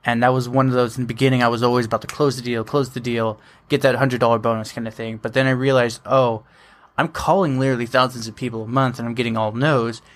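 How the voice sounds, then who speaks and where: A man hosting a podcast, chatting in a relaxed way and thinking aloud as he goes. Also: medium pitch, quick pace. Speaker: podcast host. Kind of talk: casual podcast chat.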